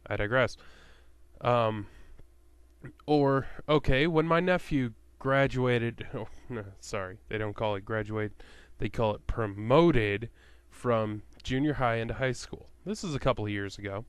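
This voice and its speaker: A man's voice: mid-range voice, a little slow, clean tone, no room sound. A man telling a profane, sarcastic rant to his webcam as a vlogger, swearing freely as he tells stories.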